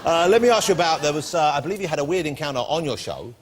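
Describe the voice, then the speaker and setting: A man's voice: a little high, animated, very fast, breathy edge. A middle-aged man hosting a chat show, teasing his guest playfully with many hesitations. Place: TV studio with audience.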